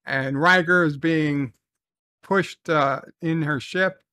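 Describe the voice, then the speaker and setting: A man's voice: on the high side, steady tone, slow pace, bright, forceful tone, no echo, clean studio sound. A man giving a casual, rambling spoken recap and review of a TV episode, repeating phrases and swearing now and then.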